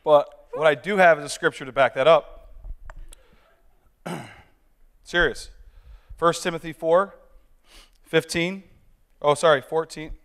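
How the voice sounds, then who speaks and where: A man's voice: fairly high pitch, steady tone, slow pace, long pauses, a bit bright, smooth. A man reading scripture aloud at a church service, plain-spoken, losing his place and correcting himself.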